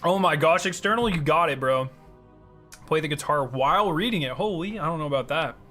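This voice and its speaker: A young man with a high-pitched voice is streaming live, chatting casually and excitedly with his viewers. He reads their questions aloud and answers them.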